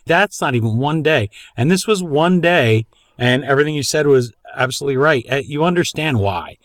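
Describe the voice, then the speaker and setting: A man's voice: on the high side, expressive, fairly quick, dry recording. Wry middle-aged man, dry close mic. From Greek heritage. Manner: wry, rambling, opinionated. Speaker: podcast co-host. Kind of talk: casual chat.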